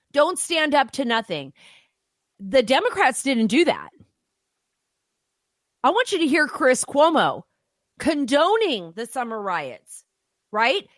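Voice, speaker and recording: A woman's voice: high voice, dry recording, clean studio sound. A woman hosting political opinion commentary, talking in an impassioned, emphatic way.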